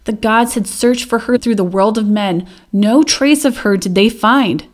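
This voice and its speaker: A woman reading an old myth aloud as a narrator, gentle and measured. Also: a little high. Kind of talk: storybook read-aloud narration.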